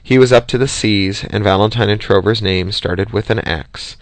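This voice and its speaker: A man reading an audiobook in a steady, measured way, close to the mic. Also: fairly low pitch, no room sound. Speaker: audiobook reader. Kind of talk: audiobook narration.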